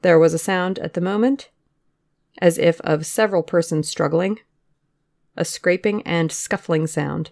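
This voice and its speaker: A podcast reader giving a measured audiobook narration of witness testimony. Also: medium pitch, gravelly. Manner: measured, even-paced reading of witness testimony.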